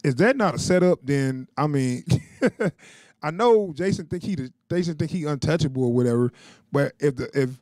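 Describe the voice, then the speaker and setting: A man's voice: on the high side, lively intonation, moderate pace, a little mellow, dry recording, studio quality. Chatty man recapping a TV episode. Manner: loose and chatty, with frequent chuckles and filler words. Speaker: TV show reviewer.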